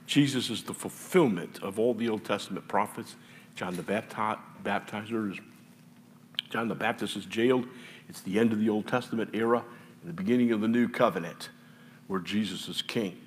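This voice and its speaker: A man's voice: lowish voice, slight background noise. A man with an American Midwestern accent preaching a sermon in a church, chatty and joking between scripture readings. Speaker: pastor. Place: church sanctuary. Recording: distant mic in a reverberant church with faint ambience.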